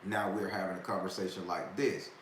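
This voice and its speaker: A man's voice: low voice, flat delivery, fairly quick. A man hosting a live talk, telling a story in a loose, profane, casual way and laughing often. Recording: echoey room, faint background noise.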